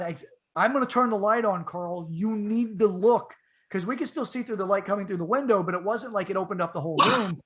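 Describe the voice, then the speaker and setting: A middle-aged man telling a story in a casual podcast chat, his voice jumping up and getting loud whenever he quotes himself. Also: high voice. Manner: animated storyteller, voice rises sharply when quoting himself. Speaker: podcast co-host.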